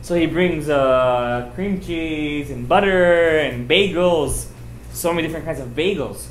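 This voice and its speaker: A man, a rabbi giving an informal sermon, telling stories with emphatic, animated delivery and sprinkling in Hebrew and Yiddish terms. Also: a little high, measured pace, a little hiss or hum. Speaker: rabbi giving a Torah class. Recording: roomy echoey room.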